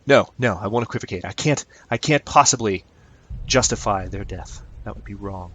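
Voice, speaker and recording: A man's voice: lowish voice, normal speed, a bit bright, slight background noise. A man giving casual let's-play commentary, chatty and upbeat, thinking aloud with fillers as he plays. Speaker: gameplay commentator.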